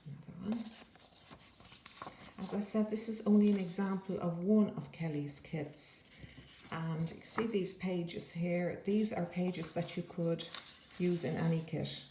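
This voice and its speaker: A woman's voice: lowish voice, a little slow, mellow, a little hiss or hum. A woman casually showing paper crafts in a chatty, rambling way with playful asides. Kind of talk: casual show-and-tell flip-through. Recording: echoey room.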